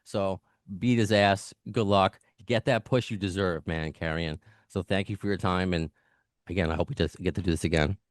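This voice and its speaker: A man hosting a podcast, talking fast and chatty, laughing now and then, his voice still mending after an illness. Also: low voice, no echo, studio quality. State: recovering from lost voice. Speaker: podcast host. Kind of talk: casual podcast chat.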